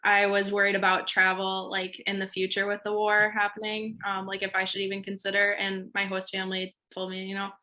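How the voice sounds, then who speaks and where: Bright-voiced chatty young woman. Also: mid-range voice, completely flat delivery, a little fast, few pauses. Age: young adult. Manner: chatty, laughs easily, many fillers. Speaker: student panelist. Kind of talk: casual panel chat. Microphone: video call.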